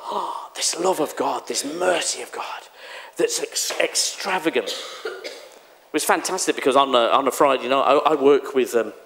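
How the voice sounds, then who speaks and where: A man preaching a sermon in a church, animated and exclamatory, acting out the voices he quotes. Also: medium pitch, moderate pace, creaky. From England. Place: church hall.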